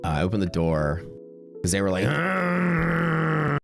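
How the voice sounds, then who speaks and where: A man's voice: low voice, fairly even intonation, quick pace, a little mellow, faint music behind. A man hosting a trading livestream, telling stories in a rambling, laid-back way with many fillers. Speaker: streaming day-trading host. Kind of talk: casual storytelling on a livestream.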